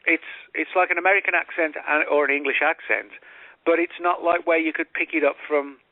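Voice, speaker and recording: Man, radio interview guest, measured explainer, many fillers and restarts, thin phone-line sound, dry. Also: on the high side, fairly even intonation, dry recording. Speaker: guest author.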